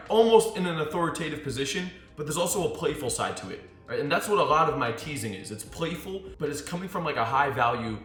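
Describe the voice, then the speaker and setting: Animated swearing male dating coach. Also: a little high, fast talker, few pauses. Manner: animated storyteller who swears and acts out quotes. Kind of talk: casual coaching monologue. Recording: echoey room with faint music.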